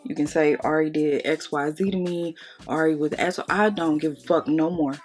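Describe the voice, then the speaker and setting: Doing her makeup on camera, a young woman vlogger vents bluntly and profanely, close to tears. She speaks briskly in a deep voice with a steady tone.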